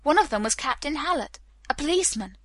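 A woman's voice: high-pitched, expressive, quick pace, fairly bright tone, no room sound, voice pushed up. A woman reading as an anxious young woman. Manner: anxious, pleading. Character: worried young woman, a daughter home from school.

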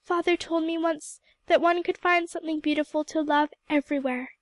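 A woman's voice: extremely high pitch, fairly even intonation, brisk, no echo. A woman voicing a homesick, dreamy teenage girl who pleads and rebels, read in a storybook.

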